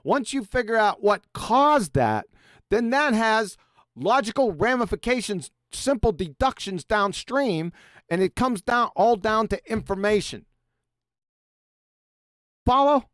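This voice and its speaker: A man's voice: sits high, lively intonation, unhurried, a bit bright, no echo. A man hosting a live call-in debate, lecturing and insistent, often repeating himself as he explains. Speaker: host.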